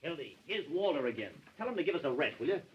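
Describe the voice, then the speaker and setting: An actor playing a teasing, husky-voiced reporter in a pressroom in an early 1930s film. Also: male voice, fairly high pitch, very animated, quick pace, highs cut off, slight background noise.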